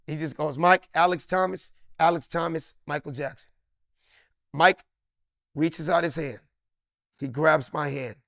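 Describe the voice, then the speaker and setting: Animated storytelling man with a raised voice. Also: measured pace, gravelly, pauses often, dry recording, clean studio sound. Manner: lively and emphatic, swinging from loud excited bursts to low hushed asides. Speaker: comedian and actor, interview guest. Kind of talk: animated storytelling in a sit-down interview.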